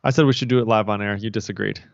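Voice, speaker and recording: A man hosting a podcast in easygoing, jokey chat. His voice sits low with a gravelly edge. The audio is dull and lo-fi, close and dry. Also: steady tone, racing, no room sound. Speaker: podcast host.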